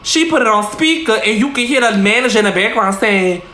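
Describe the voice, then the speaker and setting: A woman's voice: a little high, lively intonation, fairly quick, sharp tone. Chatty, cursing woman telling a story. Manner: chatty, profane, keeps calling the listener girl. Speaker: vlogger. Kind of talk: casual storytelling. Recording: roomy echo.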